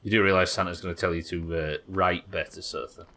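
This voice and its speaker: A man's voice: low-pitched, fairly even intonation, brisk, bright, forceful tone. A man hosting a live gaming stream, chatting to viewers and swearing as he plays. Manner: sweary, chatty, talks to chat while playing. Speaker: livestream host.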